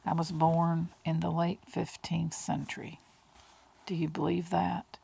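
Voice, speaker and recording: A woman reading the lines of a brooding centuries-old male vampire, quiet, flat and hard. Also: low-pitched, unhurried, creaky, slight background noise, exaggerated voice. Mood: weary.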